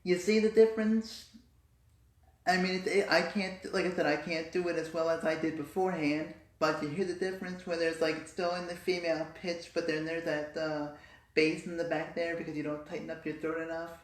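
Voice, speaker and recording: A woman's voice: low-pitched, fairly even intonation, a little fast. A woman in a casual vlog, explaining and demonstrating voice techniques. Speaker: vlogger. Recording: roomy echo.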